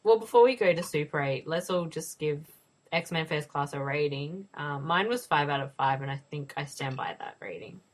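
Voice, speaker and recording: A woman hosting a casual movie review podcast, relaxed as she leads the discussion. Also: sits low, moderate pace. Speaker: podcast host.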